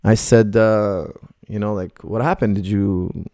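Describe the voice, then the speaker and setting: A man's voice: on the low side, fairly even intonation, a little slow, warm tone, no room sound, clean studio sound. A middle-aged man, a martial arts coach, bluntly rambling through viewer questions on a live stream.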